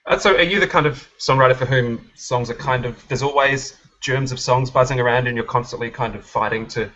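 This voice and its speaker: A man's voice: medium pitch, a little fast, fairly bright tone, lo-fi sound. A man asking a songwriter questions in a casual, hesitant way, often restarting his sentences. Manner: hesitant, many ums and restarts. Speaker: interviewer.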